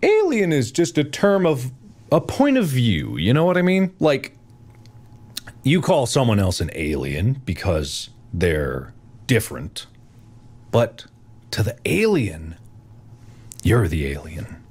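A man in his thirties commentating on his own gameplay in a goofy, animated way, with sudden bursts of yelling. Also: mid-range voice, slow, pauses often, husky. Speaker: gaming video host.

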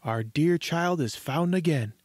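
A man's voice: a little high, animated, moderate pace, no echo, voice pushed up. An earnest, loving old father from a fairy tale speaks with a slightly raised voice, as a man reads him aloud. The recording is close and dry.

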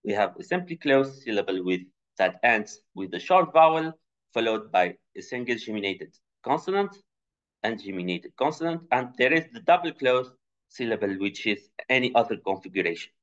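Speaking at normal speed with lively intonation, this man gives an academic conference talk, explaining slides amid many fillers and restarts. Tunisian Arabic was his first language, not English, and the audio is muffled and lo-fi.

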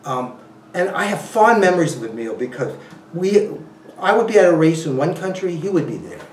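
Male interviewee, animated storyteller, restarts a lot, recorded off-mic in an echoey room. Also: fairly high pitch, fairly quick, a little hiss or hum. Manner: animated, laughing often, many restarts and you-knows. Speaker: ultrarunner guest. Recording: roomy, a bit distant from the mic.

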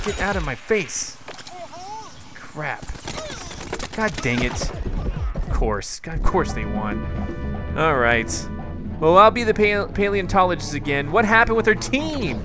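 Young male gaming commentator, bright and slightly high voice, excitable and chatty with his viewers. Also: measured pace, pauses often, faint music behind. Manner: excitable, jumpy exclamations, talks to viewers. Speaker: gaming YouTuber. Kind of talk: live gameplay commentary.

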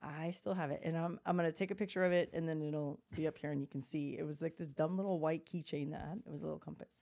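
A woman's voice: low voice, quick pace, gravelly. A middle-aged woman hosting a podcast, telling stories in a casual chat and acting out voices in her quotes. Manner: animated, acts out voices in quotes. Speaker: podcast host.

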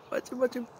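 A woman filming her cat, playing peekaboo in cooing, teasing baby talk. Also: a little mellow. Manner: sing-song, cooing and teasing. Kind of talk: playful baby talk to a pet.

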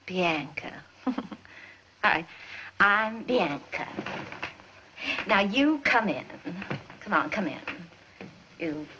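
A woman's voice: medium pitch, lively intonation, drawn-out words, pauses often. An actress playing a playful wife who coaxes her husband through a pretend scene, in 1940s screwball film style, on a dull old soundtrack with hiss. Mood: playful coaxing. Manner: teasing, insistent, directs her husband.

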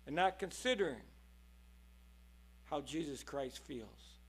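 Impassioned, bright-voiced preacher man. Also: on the high side, animated, slow pace, husky. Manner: impassioned, swings between hushed and loud. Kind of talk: sermon. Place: church.

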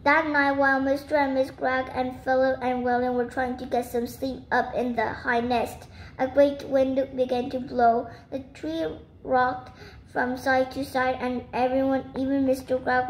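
A woman's voice: high voice, little pitch movement, a little slow. A woman reading a children's storybook aloud, carefully, with small slips now and then. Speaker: reader. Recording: echoey room, faint noise.

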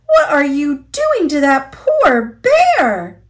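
A woman's voice: high-pitched, wildly swooping pitch, slow pace, voice pushed up, full character voice. A woman voicing a fretful middle-aged mother in a storybook, worried and fussing. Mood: alarmed.

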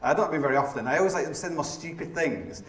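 A man's voice: on the high side, very fast, fairly bright tone. A middle-aged man giving a comic live stage talk, rambling and self-mocking, full of fillers and restarts. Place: large theatre stage before a laughing audience. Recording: echoey live theatre sound from a distance.

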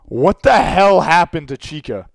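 A young man streaming a horror game, swearing and screaming in panic as he goes hoarse from yelling. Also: on the high side, expressive, unhurried, dry recording. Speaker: gaming streamer. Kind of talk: horror game playthrough commentary.

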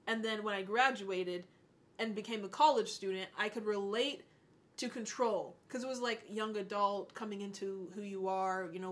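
A woman in her twenties hosting a casual music reaction, gushing and excitable, swearing when she gets worked up. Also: medium pitch. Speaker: music reaction channel host.

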